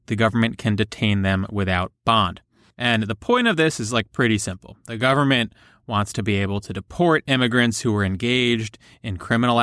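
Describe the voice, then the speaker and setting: A man co-hosting a podcast, explaining a court ruling in steady casual talk. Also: mid-range voice, dry recording, clean studio sound. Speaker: podcast co-host.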